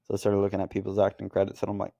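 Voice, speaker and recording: Rambling low-voiced man chatting casually. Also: monotone, rapid-fire, vocal fry, dark tone, dry recording. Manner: rambling, filler-heavy, jokey impressions. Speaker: podcast co-host reviewing films. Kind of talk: casual chat.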